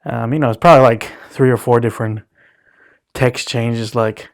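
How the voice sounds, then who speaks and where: A man's voice: medium pitch, fairly even intonation, moderate pace. A man hosting his own podcast, telling a long story as a casual, profane rant and acting out the people he quotes. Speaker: podcast host.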